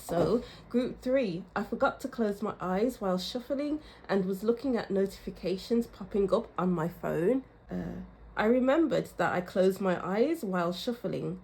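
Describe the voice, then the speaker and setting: A young woman reading tarot for her viewers in a casual, musing way, often searching for words and laughing softly. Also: mid-range voice, slightly rough. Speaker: tarot reader.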